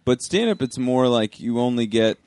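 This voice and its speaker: A man's voice: mid-range voice, expressive, normal speed, darkish tone, no room sound, clean studio sound. A man co-hosting a casual chat, chiming in and thinking aloud.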